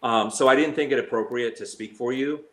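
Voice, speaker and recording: A man's voice: a little fast, a bit bright. A man on a live stream, talking in a hurt and heated way, stumbling over fillers and restarts. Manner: mocks others in a shrill high voice when quoting. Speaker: slots streamer. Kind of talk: emotional live stream talk.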